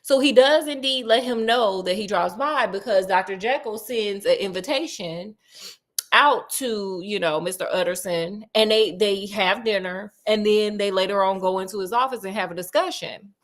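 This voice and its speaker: A woman retelling a classic story in a casual, comic way, animated and slangy, talking right to her audience. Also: mid-range voice, moderate pace.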